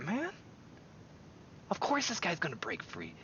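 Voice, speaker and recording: A man streaming casual commentary while browsing online, rambling excitably and swinging between mumbles and loud bursts. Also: high-pitched, measured pace, slightly rough, highs cut off. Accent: American. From American.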